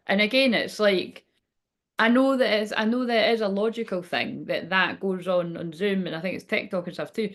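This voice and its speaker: A woman leads a relaxed live card reading. She sounds cheerful and talkative, and she speaks directly to the people watching. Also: medium pitch, moderate pace. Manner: chipper and chatty, talking straight to viewers. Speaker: spiritual card reader.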